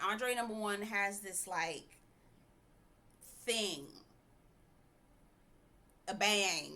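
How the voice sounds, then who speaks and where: A woman hosting a casual reality TV review, sassy and animated, often talking straight to her viewers. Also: mid-range voice. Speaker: TV review host. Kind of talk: casual TV recap commentary.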